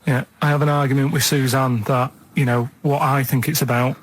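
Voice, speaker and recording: A man with a mid-pitched voice rambles through a story on a studio radio show. He halts and restarts often and keeps his telling flat and unhurried. The talk is loose, casual banter among friends.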